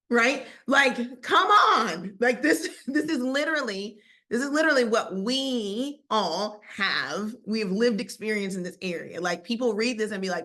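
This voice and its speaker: A woman teaching scripture in a casual, lively way, acting out quoted voices and laughing often. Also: mid-range voice, moderate pace. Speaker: Bible teacher.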